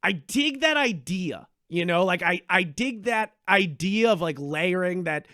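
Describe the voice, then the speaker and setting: A high-voiced man talks in loose, excitable podcast chat, full of swearing and false starts. The sound is dry and close to the mic, with no room around it. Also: unhurried, no room sound. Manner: animated, profane, rambling with many restarts. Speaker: podcast co-host.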